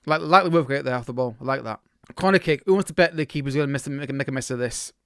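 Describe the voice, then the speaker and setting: Reacting live to the match, a man chats casually over his own football management game and keeps restarting sentences, as gaming YouTubers do. His mid-range voice is smooth and a bit bright at a quick pace, in studio-quality audio without room sound.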